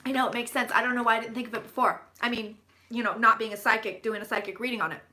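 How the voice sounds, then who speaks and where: A woman's voice: a little high, fairly even intonation, rapid-fire, sharp tone. A woman hosting a casual live-stream tarot reading, chatty and profane, greeting viewers by name as she talks. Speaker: psychic tarot reader.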